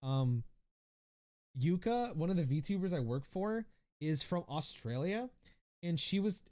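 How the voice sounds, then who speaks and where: Young male streamer, high-ish lively voice, loose and profane, constantly restarting sentences. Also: measured pace. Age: 20s. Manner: rambling, swearing, lots of fillers and restarts. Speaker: livestreamer. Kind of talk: casual livestream chat reading viewer comments.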